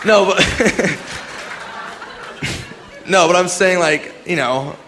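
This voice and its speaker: A man's voice: high voice, extremely slow, sharp tone, some chatter behind. A young man doing a stand-up comedy set, rambling, swearing and laughing at his own jokes, recorded live in a comedy club. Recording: live club with audience noise.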